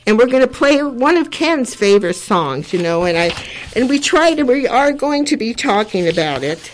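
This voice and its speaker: A woman's voice: fairly high pitch, big pitch swings, moderate pace, slight background noise. An older woman hosts a community radio talk show. She speaks earnestly and rambles a little, often repeating herself as she gathers her thoughts. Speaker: radio host.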